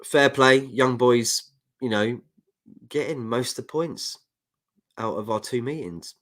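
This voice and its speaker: Male football co-host, London accent, chatty banter, mid pitch, reads out comments. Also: slow pace, a bit bright. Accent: London English. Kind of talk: casual chat.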